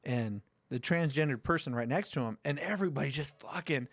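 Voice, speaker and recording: A man's voice: fairly high pitch, lively intonation, brisk, dry recording. A man hosting a casual podcast chat, retelling a story in a loose, profane way. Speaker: podcast host.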